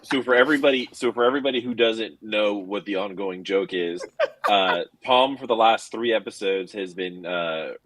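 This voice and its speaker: A man's voice: on the low side, moderate pace, fairly bright tone, dry recording. A man co-hosting a casual music podcast, explaining a running joke with a wry, laughing tone. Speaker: co-host.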